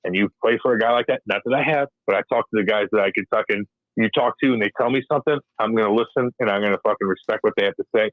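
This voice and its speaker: A man's voice: on the low side, racing, no echo. Man, hockey guest, blunt, curses a lot, laughs, dull lo-fi sound, dry. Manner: blunt, swearing often, laughing, acting out quotes. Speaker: former hockey enforcer guest. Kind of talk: casual profane interview chat.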